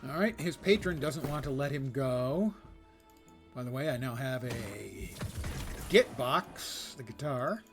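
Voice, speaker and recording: A man's voice: mid-range voice, animated, slow pace, over music. A man giving casual, joking commentary while playing a game live, thinking aloud in a wry way. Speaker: game streamer.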